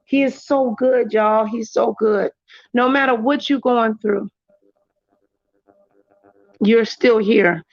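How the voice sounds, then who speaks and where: A woman talks to her livestream viewers in loose, casual chat, with animated storytelling. The audio is a bit dull and lo-fi, and the room sounds dry and close. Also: slow, long pauses, no room sound. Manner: animated storytelling, jumps into high voices for quotes. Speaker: livestream host.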